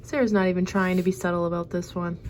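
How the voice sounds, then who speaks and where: A woman giving a casual reading vlog reaction, excitable and rambling, gasping and squealing at plot twists. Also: fairly low pitch, fast talker, a little hiss or hum. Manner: rambling recap with many fillers. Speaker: book vlogger.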